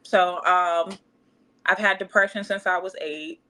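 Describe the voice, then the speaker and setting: A woman's voice: on the low side, steady tone, a little slow, bright, forceful tone. A woman, candidly telling a personal story in casual podcast chat and acting out other people's voices. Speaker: podcast co-host.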